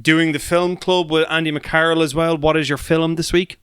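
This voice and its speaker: The podcast host here is a man with a fairly high, smooth and resonant voice, casually chatting, cursing freely, laughing readily and tripping over fast restarts. It's recorded close and dry, with no room around it.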